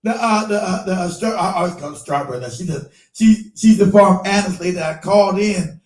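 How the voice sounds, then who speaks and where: A man's voice: sits high, brisk, echoey room, recorded from a distance, low-quality recording. A man hosting a casual chat, retelling a story with lots of swearing, laughter and quoted voices. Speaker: show host.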